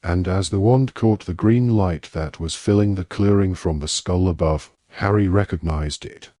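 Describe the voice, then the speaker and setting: A man narrating an audiobook in measured storytelling. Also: sits low, warm tone, no room sound, clean studio sound.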